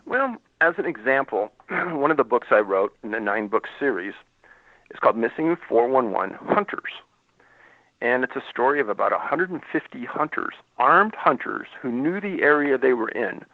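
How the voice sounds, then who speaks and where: A man's voice: mid-range voice, lively intonation, moderate pace, dry recording. A man, a former law enforcement investigator, telling a story as a radio interview guest and acting out the dialogue. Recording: dry, tinny phone line.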